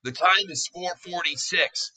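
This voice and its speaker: A man with a bright, forceful and slightly raised voice, talking excitedly through a live stock stream. He laughs often and keeps calling out to his viewers as folks. He sits a little back from the mic. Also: sits high, measured pace, far from the mic, low-quality recording. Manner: talks straight to viewers as folks. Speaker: stock market livestream host. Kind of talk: live casual stock-trading commentary.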